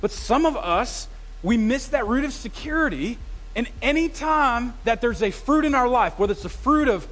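A high-pitched man preaches in a church sanctuary, his voice trailing off in a long hall reverb. He tells stories with a lively, self-mocking humor. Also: normal speed. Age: adult with a wife, past graduate study. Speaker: pastor. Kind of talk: sermon.

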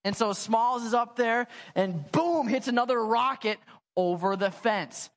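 A man's voice: high voice, a little slow. A young adult man preaching a sermon in a church. He tells stories casually and with animation, using lots of "like," and his voice has a long church reverb. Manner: casual, animated storytelling with many "like" fillers. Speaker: pastor. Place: church sanctuary.

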